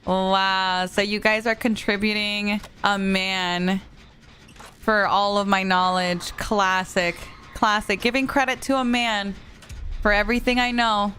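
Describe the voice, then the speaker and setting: With soft music in the background, a young woman of Spanish-speaking background chats and jokes with her viewers while streaming a game, laughing a lot. She speaks at a medium pitch, unhurried, with little rise or fall in her voice.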